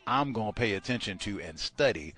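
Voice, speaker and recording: Male radio host, deep-set voice with animated pitch swings; presses his points with rhetorical questions. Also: a little fast. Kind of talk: study session talk.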